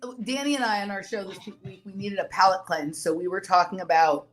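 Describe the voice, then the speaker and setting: A woman speaking at an average pitch in loose, speculative podcast chat, piling one idea onto the next with filler words. Her voice carries a noticeable roomy echo. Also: brisk. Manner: speculative musing, strings ideas together with many "like"s. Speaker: podcast guest. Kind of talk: casual conversational chat.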